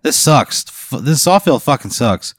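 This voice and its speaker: A man's voice: medium pitch, animated, moderate pace, slightly rough, dry recording, studio quality. A man reacting to an absurd improvised story with incredulous, swear-heavy disbelief in casual chat. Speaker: podcast co-host.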